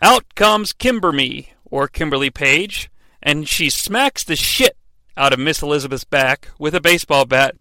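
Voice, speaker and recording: A man's voice: a little high, animated, a little slow, pushed and bright, no echo. A man hosting a comedic wrestling recap podcast, narrating with wry, sarcastic asides.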